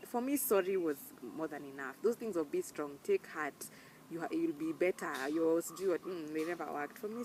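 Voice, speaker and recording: Deep and darkish, her voice comes through a low-quality recording with a bit of hiss or hum. The young Kenyan-accented vlogger speaks earnestly and emphatically to camera, weaving Swahili slang into a casual, heartfelt talk.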